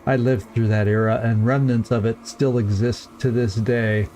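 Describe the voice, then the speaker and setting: A man's voice: mid-range voice, steady tone, normal speed, dark tone, a little hiss or hum. A middle-aged man giving chatty, rambling commentary while playing a game, chuckling often. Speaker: let's play host. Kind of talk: casual gameplay commentary.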